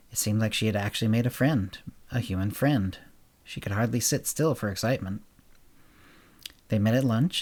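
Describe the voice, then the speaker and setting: A man hosting a podcast and narrating a short story, raising his voice for the characters' dialogue and dropping it low and quiet for the narration.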